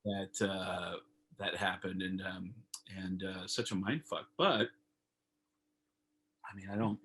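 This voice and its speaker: A man, a comedian guest on a video call, telling stories in a casual, animated way and acting out phone calls. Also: sits low, slow, husky. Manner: animated storyteller, acts out phone calls in raised voices.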